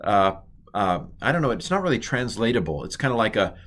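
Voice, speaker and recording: A man's voice: fairly low pitch, very animated, a little fast, a bit bright. A middle-aged man teaching a recorded Hebrew lesson, rambling and correcting himself, quizzing the listener with questions.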